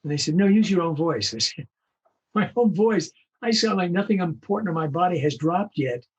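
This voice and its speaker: An older male voice actor telling animated anecdotes in an interview, acting out the voices of the people he quotes. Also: a little high, quick pace, breathy edge, muffled recording. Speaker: guest voice actor. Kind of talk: storytelling interview.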